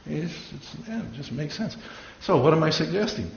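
A man's voice: on the high side, expressive, normal speed, creaky. A man, a pastor, preaching a sermon and telling stories, acting out the voices of the people he quotes. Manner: storytelling, acts out quoted voices. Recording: echoey room, dull lo-fi sound, faint hiss.

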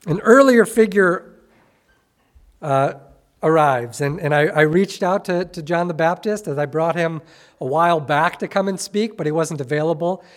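A male pastor preaching a sermon, dramatic and full of rhetorical questions, swinging between soft and loud. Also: a little high, moderate pace.

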